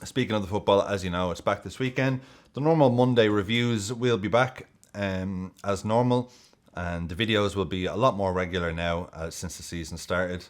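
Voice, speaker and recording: A man hosting a football video, giving jokey, excitable and sweary casual commentary. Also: sits low, moderate pace.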